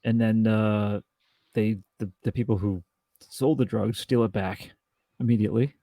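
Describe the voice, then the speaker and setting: A low, gravelly man co-hosting a casual film podcast. His voice is dark and mellow, recorded dry and close, and he talks in halting bursts with lots of restarts and dry little jokes. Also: fairly even intonation, no echo. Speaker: podcast co-host. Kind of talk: casual film review chat.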